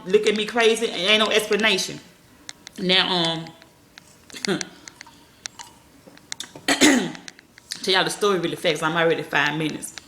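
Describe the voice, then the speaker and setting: A woman's voice: medium pitch, steady tone, normal speed, long pauses, bright, forceful tone, a little hiss or hum. A woman vlogging at home, chatting casually and profanely to her viewers as y'all, rambling from one thought to the next. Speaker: parenting vlogger. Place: small room at home. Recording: echoey room.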